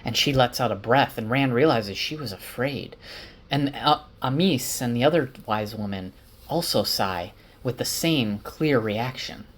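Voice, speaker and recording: A man's voice: medium pitch, measured pace, a bit bright. A man casually retelling a book's chapters for his wife, chatty and loose with many fillers. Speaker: book summarizer. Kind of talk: casual story recap.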